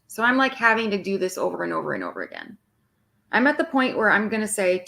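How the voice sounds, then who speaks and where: A woman's voice: a little high, expressive, fast talker, gravelly, bright, forceful tone. A woman twin flame coach speaking bluntly and with exasperation to her viewers, swearing freely and mimicking clients.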